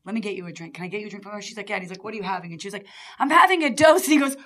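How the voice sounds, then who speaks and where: A woman's voice: mid-range voice, racing. A woman on a radio talk show, chatting casually and acting out quoted voices as she tells stories. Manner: animated storyteller, acts out quotes. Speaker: stand-up comic guest. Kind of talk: casual chat. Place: radio studio.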